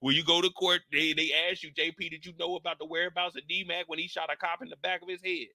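A man voicing a tough young street hustler who is gruff, blunt and dismissive. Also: fairly high pitch, level tone, quick pace, sharp tone, dry recording, pitched above the performer's own voice. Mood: defensive.

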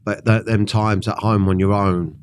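A man's voice: fairly low pitch, steady tone, normal speed, a little mellow, clear, resonant tone. A man, hosting a podcast and asking blunt, sweary questions in casual chat. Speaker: podcast host. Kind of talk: casual interview.

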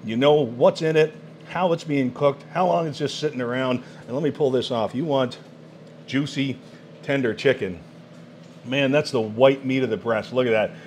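A man hosting a cooking vlog, demonstrating a kitchen appliance at home with excited exclamations and frequent laughs. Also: mid-range voice, moderate pace, a little hiss or hum. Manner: enthusiastic, exclamatory, laughing often. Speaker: cooking channel host. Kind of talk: product demo cooking vlog.

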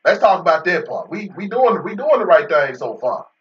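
A man's voice: sits high, very animated, moderate pace, a bit bright, recorded from a distance, dull audio. A man giving casual, joking commentary over a football video game as host, bantering about getting paid. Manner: joking banter with an unseen in-game agent, AAVE-flavored casual speech.

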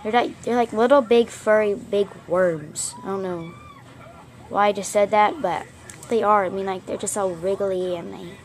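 A woman's voice: medium pitch, steady tone, moderate pace, slight background noise. Chatty girl gushing over her toys. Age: child. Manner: chatty, gushing, rambling with fillers. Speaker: vlogger showing her plush toys. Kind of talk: casual show-and-tell vlog. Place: her bedroom at home.

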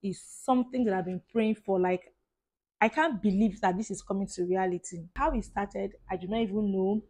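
A woman's voice: medium pitch, moderate pace, darkish tone. A woman in her thirties from Nigeria with a Nigerian accent, talking casually and effusively to her vlog viewers. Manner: chatty and effusive, with frequent "like" and "guys". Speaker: vlogger.

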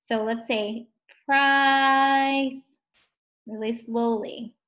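Slow, encouraging first grade teacher woman. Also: a little high, fairly bright tone. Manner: drawn-out, sounding out words encouragingly. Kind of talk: slow, clear phonics lesson for young children. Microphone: distance-learning video recording.

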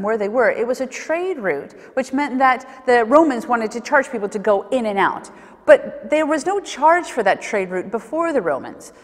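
A woman giving a sermon, telling Bible stories vividly and acting out the questions people asked. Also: fairly high pitch. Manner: vivid storytelling, acts out questions and scenes. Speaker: preacher. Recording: reverberant church hall.

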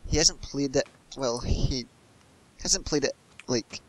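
A man's voice: mid-range voice, slow, no room sound. A man chatting and joking while playing a video game with a friend. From Scotland. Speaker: gamer. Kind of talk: casual let's-play chat.

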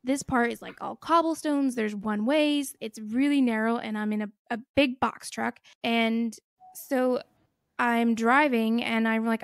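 A woman hosting a podcast, telling a story in an animated, casual way, swearing freely and laughing as she goes. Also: on the high side, measured pace, dry recording, clean studio sound. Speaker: podcast host.

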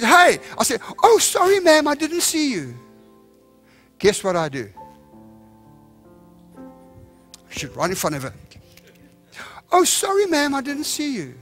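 A man's voice: a little high, a bit bright. A young man preaching a revival sermon in a church, telling a story and acting out the voices in it. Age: young adult. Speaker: evangelist. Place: church sanctuary.

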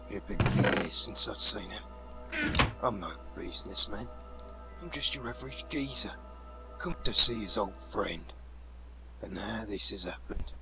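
A man voicing a plain-spoken working-class man, gruff and blunt. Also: fairly low pitch.

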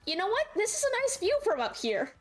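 A woman's voice: very high-pitched, huge pitch swings, brisk, soft background music. A young woman streaming a game live, chatting playfully and laughing a lot while viewers trolls her. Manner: playful, laughs often, squeals when chat trolls her. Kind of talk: live gameplay commentary.

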